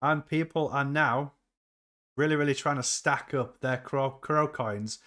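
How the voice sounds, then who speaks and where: A man's voice: mid-range voice, measured pace, a bit bright. A man hosting a casual crypto livestream, chatting upbeat and reading viewers' comments aloud.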